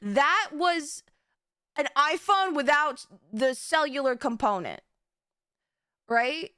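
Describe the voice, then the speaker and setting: A young adult woman streamer telling stories in an animated, casual way, swearing often and restarting her sentences. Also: high-pitched, slow, no room sound, studio quality. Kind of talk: casual chat.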